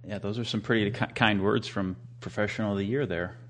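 A man's voice: fairly low pitch, steady tone, fairly quick, fairly bright tone. A man hosting a casual podcast interview, chatty, asking long rambling questions. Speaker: podcast host.

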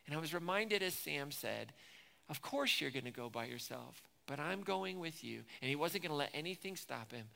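Bright, gravelly-voiced preacher in a reverberant hall. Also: male voice, fairly high pitch, expressive, moderate pace. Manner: retells movie scenes, acting out lines with rising intensity. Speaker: pastor. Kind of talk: sermon.

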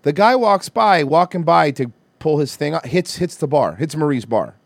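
A man's voice: on the high side, normal speed, gravelly, dry recording. A man hosting a podcast in casual chat, ranting and telling stories with heavy swearing. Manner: profane, ranting, animated storytelling. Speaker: podcast host.

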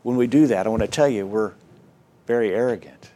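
A man preaching a sermon, earnest and exhorting, who reads scripture aloud in a measured cadence and swings between quiet, low passages and loud, rising emphasis. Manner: earnest preaching with wide swings in pitch and volume.

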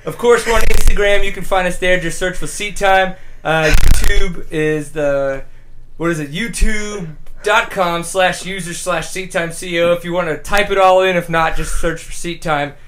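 A man's voice: high-pitched, normal speed, a bit bright, a little hiss or hum. A young adult man with a Texan accent hosting a dirt-bike show wrap-up, out of breath, joking and flustered. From Texas. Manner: joking, flustered, laughing between phrases. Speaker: podcast host. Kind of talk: casual show wrap-up chat.

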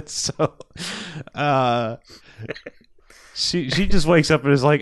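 Guy rambling thru a movie recap, swears a lot, mid pitch, dead dry sound. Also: a little slow, long pauses, no echo. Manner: rambling, swears often, laughs while retelling. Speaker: podcast co-host. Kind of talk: casual movie recap chat.

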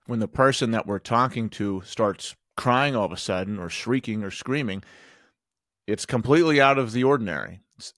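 Deep-voiced man, dry close sound. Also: dry recording. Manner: earnest, rambling, frequent restarts and "like". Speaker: podcast host and men's group coach. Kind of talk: casual solo podcast talk.

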